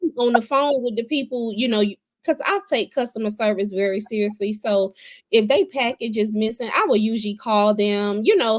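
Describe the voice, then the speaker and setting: A woman's voice: on the high side, animated, brisk, no room sound. A young adult woman speaking as a podcast guest, telling her personal story in a candid, conversational way and repeating phrases for emphasis.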